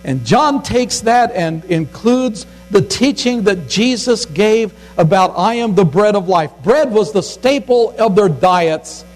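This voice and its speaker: A man's voice: lively intonation, slow pace, few pauses, low-quality recording. An older man, a grandfather, preaching a sermon in a folksy way, acting out the scripture quotes. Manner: folksy, acts out quotes with rising pitch. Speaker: pastor.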